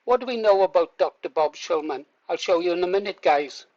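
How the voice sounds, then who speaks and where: A man's voice: high-pitched, animated, a little fast, darkish tone, muffled recording. A man hosting a reaction video, mocking and heckling a played clip with sarcastic asides. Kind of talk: commentary over a played clip.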